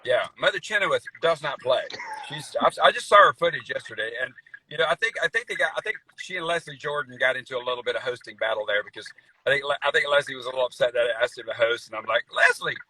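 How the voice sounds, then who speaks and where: Middle-aged man on a video call, folksy storyteller with a very bright, husky tone. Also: mid-range voice, animated, quick pace, poor audio. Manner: folksy storyteller, says y'all, many fillers. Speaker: guest country singer. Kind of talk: casual interview chat.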